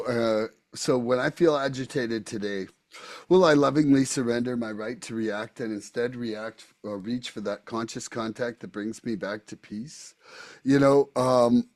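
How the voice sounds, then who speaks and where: A man hosting a recovery podcast, speaking candidly and casually, often repeating his words as he thinks. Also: mid-range voice. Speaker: podcast host.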